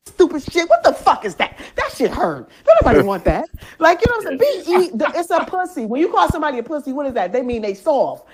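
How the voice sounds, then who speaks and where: A woman with a Michigan accent speaks as a guest in a candid, casual chat. Her voice sits a touch high, and she talks bluntly, swears freely and laughs often. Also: a little mellow. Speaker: interview guest.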